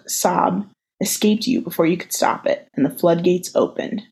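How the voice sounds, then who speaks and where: Husky woman reading a story. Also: on the low side, normal speed, darkish tone. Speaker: podcast host reading fan fiction.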